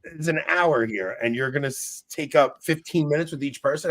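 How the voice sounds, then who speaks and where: Animated, rambling male podcast host. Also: fairly high pitch, fairly quick. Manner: animated, rambling, laughs often. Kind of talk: casual chat.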